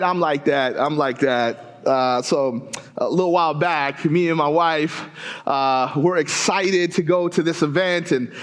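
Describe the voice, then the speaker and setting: Guy from southern africa preaching, high voice, jumps way up when he gets into it, jokes with the crowd. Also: a little slow. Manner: animated, storytelling with jokes to the congregation; lively pitch swings, rising high for emphasis. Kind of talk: sermon.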